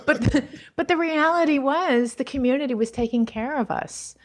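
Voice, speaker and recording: Canadian woman, podcast guest, lively storyteller who acts out the quotes and trips over restarts. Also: high-pitched, normal speed. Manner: animated, acts out quoted dialogue, frequent restarts. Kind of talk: casual storytelling.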